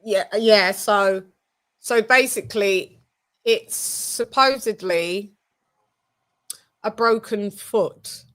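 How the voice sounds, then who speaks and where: A woman's voice: mid-range voice, extremely slow, pauses often, a bit bright. A British woman hosting a casual online show, chatty, laughing and loose with her words. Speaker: host. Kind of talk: casual chat.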